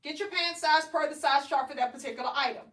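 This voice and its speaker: A fast-talking woman with a high, sharp-toned voice sells shapewear on a livestream. During the live demonstration she chats, coaxes, and checks in with the people watching. The audio is roomy and echoey, with her well away from the microphone.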